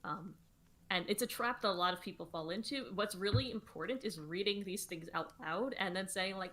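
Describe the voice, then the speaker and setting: A woman's voice: mid-range voice, a little fast, fairly bright tone. A woman co-hosting a livestream, explaining songwriting casually with many fillers and restarts. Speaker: co-host songwriter.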